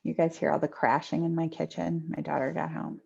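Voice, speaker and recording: Woman, psychic medium, live readings, chatty, hesitant, low-ish voice, dull video call sound. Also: little pitch movement, brisk, vocal fry, darkish tone, husky. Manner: chatty, hesitant with many ums, laughs easily. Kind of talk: live online intuitive readings. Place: home near a kitchen.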